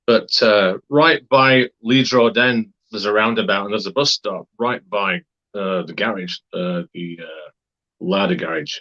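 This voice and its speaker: A man's voice: lowish voice, sharp tone, highs cut off. A man from Wakefield, England, telling a story in a casual, rambling way, with many fillers and hesitations. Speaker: interviewee.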